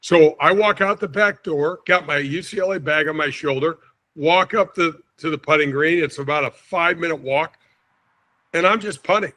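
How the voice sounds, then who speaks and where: A man in his sixties from St. Louis, a podcast guest telling an animated anecdote and acting out the quotes. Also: a little high, moderate pace. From St. Louis, USA. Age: 60s. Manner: lively storyteller, acts out quotes, chuckles often.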